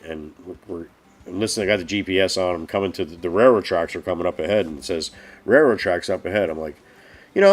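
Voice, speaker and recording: A man on a casual live stream, telling road stories in an animated way and swearing a lot. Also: deep voice. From northeastern US. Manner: animated storytelling, heavy swearing. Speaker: podcast co-host.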